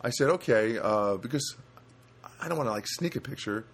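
A man's voice: medium pitch, expressive, fairly quick, creaky, breathy edge. An older man telling stories in a casual, rambling monologue, with lots of restarts and asides.

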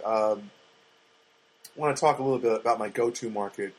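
Sex: male. Role: solo podcast host. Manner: rambling, fired-up rants. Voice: husky, mid-pitched. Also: expressive, fairly quick, low-quality recording. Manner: rambling, ranting, many restarts. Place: home studio apartment.

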